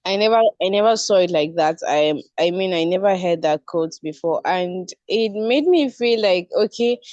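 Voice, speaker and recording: A woman's voice: lowish voice, a little mellow, no room sound, lo-fi sound. A woman, from Nigeria, commenting politely and earnestly as a participant on a video call. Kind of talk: online webinar comment.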